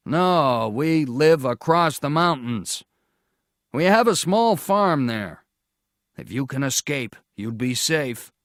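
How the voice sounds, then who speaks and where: A man voicing a stubborn, forceful father in a storybook reading, speaking emphatically and commandingly. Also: mid-range voice, animated, slow pace, no room sound, studio quality. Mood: emphatic.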